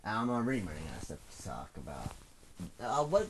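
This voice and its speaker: A teenage man hosting a solo podcast from home, rambling and self-mocking, his voice swinging between loud bursts and mumbles. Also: mid-range voice, huge pitch swings, a little fast, a little hiss or hum. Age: teens. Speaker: podcast host. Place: at home indoors.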